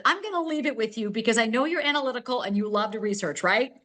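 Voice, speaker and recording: Brief: high-pitched woman host, effusive and excitable, quick gushing delivery. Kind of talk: enthusiastic online sales chat.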